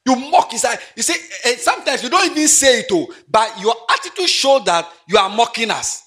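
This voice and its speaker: A man preaching with a high, bright, ringing voice that leaps all over the scale. He jokes and laughs as he goes, shouting one moment and dropping to a near-murmur the next. It sounds like a lively church sermon. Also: a little fast. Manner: animated and playful, laughing often, swings from loud exclamations to quiet asides. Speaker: pastor.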